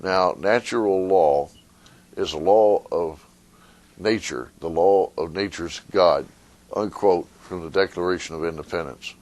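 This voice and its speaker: Low-voiced man giving a public talk. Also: a little slow. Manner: conversational, retells a fable with rising animated voices. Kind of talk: public talk to a live audience. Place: meeting room with an audience.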